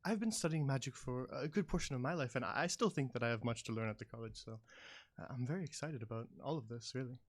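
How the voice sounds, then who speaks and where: A man's voice: mid-range voice, fast talker, hardly any pauses, natural voice. A man voicing a small, enthusiastic gnome woman touring a college, polite and eager. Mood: earnest.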